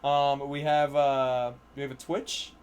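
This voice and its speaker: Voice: medium pitch, level tone, takes it slowly, a little mellow, a little hiss or hum. A co-host on a game stream who rambles and jokes in casual group chat. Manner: rambling, laughing, joking.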